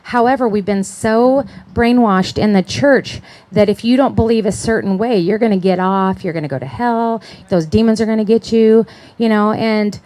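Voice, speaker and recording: A woman's voice: medium pitch, moderate pace, few pauses, a little mellow. A middle-aged woman giving a chatty, conversational sermon at a conference, often checking in with her listeners and laughing. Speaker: conference speaker.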